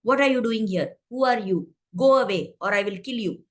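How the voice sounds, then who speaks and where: A woman's voice: fairly high pitch, normal speed, close to an everyday voice. A woman voicing a rude, threatening parrot. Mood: hostile. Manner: harsh, loud threats.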